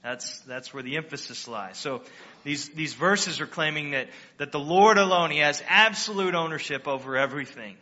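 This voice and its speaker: A man's voice: on the high side, moderate pace, sharp tone, big-room sound, highs cut off. A male pastor preaching a sermon in a conversational way, rising with emphasis on key phrases and often restarting his sentences.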